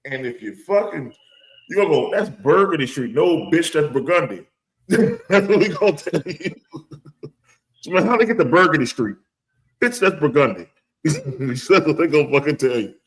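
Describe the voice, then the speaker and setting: A man's voice: fairly high pitch, normal speed, long pauses, low-quality recording. Laughing New Orleans man, cussing. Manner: profane, laughs often, animated storytelling. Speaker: podcast co-host. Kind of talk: casual chat.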